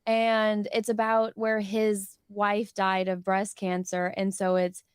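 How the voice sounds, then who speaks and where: A young woman speaks as a guest in a relaxed, chatty way and giggles easily, with an ordinary middle pitch. Her voice sits close to the mic in a dry sound with no echo. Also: takes it slowly, clear, resonant tone. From rural ranch upbringing. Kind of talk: casual podcast chat.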